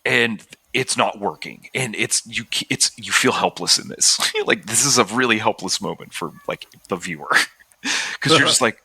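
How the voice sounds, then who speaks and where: A man's voice: lowish voice, normal speed, sharp tone, breathy edge, no echo. A man co-hosting a film podcast, animatedly retelling scenes and acting out the characters' lines in a casual chat. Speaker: podcast co-host. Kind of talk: casual movie discussion.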